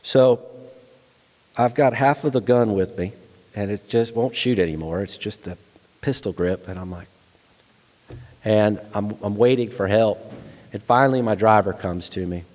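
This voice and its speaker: A middle-aged man with a lowish voice tells his own war story to a lecture audience. He speaks frankly and conversationally, with blunt soldier humor. His words ring out with the long reverb of a big hall. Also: normal speed, pauses often, darkish tone. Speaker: guest lecturer, retired Army staff sergeant.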